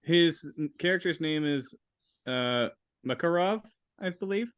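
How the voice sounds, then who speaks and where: A man co-hosting a casual podcast chat, soft-spoken and trailing off quietly. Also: a little high, animated, a little slow, clear, resonant tone, dry recording, studio quality. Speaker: podcast co-host.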